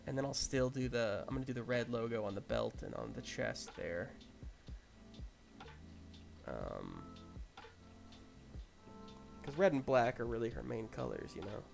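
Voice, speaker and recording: A man hosting a casual livestream, muttering quietly to himself as he concentrates on painting a miniature. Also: medium pitch, sing-song, unhurried, creaky, pauses often, faint music behind. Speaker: host.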